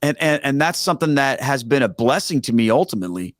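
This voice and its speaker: An earnest middle-aged man speaks as a guest, building his points with emphasis and lively asides. His voice sits at an ordinary pitch and is recorded close and dry, with no room sound. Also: fast talker, no echo. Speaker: guest, former pastor. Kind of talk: conversational storytelling.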